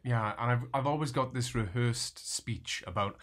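Relaxed man hosting a chat. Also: medium pitch, moderate pace, slight background noise. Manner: brief backchannels, relaxed questions. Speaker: podcast host. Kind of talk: casual interview chat.

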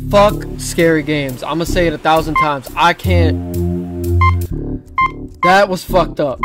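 A young man giving let's play commentary on a horror game, jittery, stammering and swearing, yelling when frightened. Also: on the high side, lively intonation, slow pace, long pauses. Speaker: gaming YouTuber. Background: game music.

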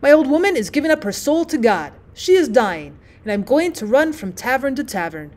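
A woman's voice: sits high, very animated, a little fast. A woman reading the part of an anxious old peasant turner who mutters, pleads and rambles. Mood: pleading. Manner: pleading, rambling, self-pitying.

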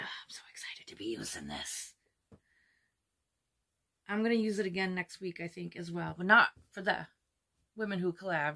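With a fairly low-pitched voice, this woman in her fifties chats her way through an at-home makeup tutorial. As a beauty vlogger, she gushes over the shades and occasionally drops to a gentle whisper.

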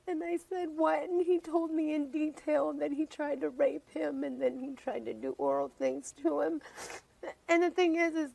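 High, gravelly-voiced emotional woman. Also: normal speed, darkish tone, low-quality recording. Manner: emotional, rambling, repeats herself. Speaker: guest. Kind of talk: emotional talk show testimony.

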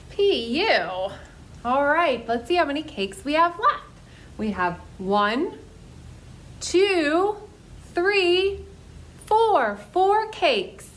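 A woman who is a children's librarian, leading a toddler story time in a coaxing sing-song style. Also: sits high. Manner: slow, bright sing-song, coaxing little listeners.

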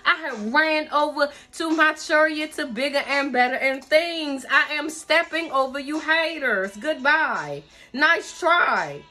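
A woman's voice: sits high, animated, takes it slowly, hardly any pauses, sharp tone. A woman giving a tarot reading in a sassy, emphatic way, stretching her stresses and calling the listener pet names. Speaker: tarot reader. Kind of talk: tarot reading channeling messages.

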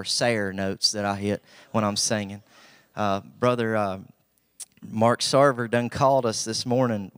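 A young male preacher with an Appalachian accent and a low voice, recorded dry and close. He talks in a folksy, humble way before rising into emphatic bursts. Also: smooth, no room sound. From Southwest Virginia. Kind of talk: sermon.

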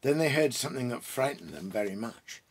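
A man reading a children's story aloud in a gentle, musing way, pausing and restarting as he retells the plot. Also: mid-range voice, animated, breathy edge. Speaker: reader and storyteller.

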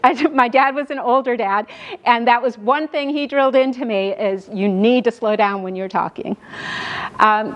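A middle-aged woman gives a classroom lecture on caregiving. Her voice sits a little high for a woman. She talks quickly and keeps tagging her points with "right?" to pull the room along. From New York. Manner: fast-talking, frequent "right?" checks with the audience. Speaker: lecturer on dementia care.

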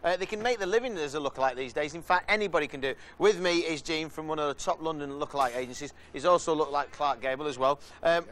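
High, fast, excitable male street reporter. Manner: excitable, hurried, coaxing passers-by. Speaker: roving TV reporter. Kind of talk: live outside-broadcast reporting. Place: outdoor street market.

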